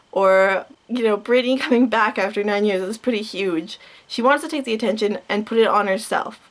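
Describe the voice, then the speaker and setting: Ranting, sarcastic young woman vlogger. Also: fairly high pitch. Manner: heated, sarcastic, swears a lot. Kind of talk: profane rant to camera.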